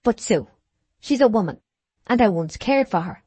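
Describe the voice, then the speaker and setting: A woman's voice: medium pitch, lively intonation, normal speed, dark tone, husky, dry recording. Woman reading a determined young working man. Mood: firm. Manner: firm, determined. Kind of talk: audiobook character reading.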